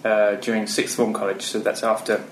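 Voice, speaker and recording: A man's voice: on the low side, level tone, normal speed, a little hiss or hum. A British man giving a casual, rambling interview answer with many ums. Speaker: guest. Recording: roomy echo.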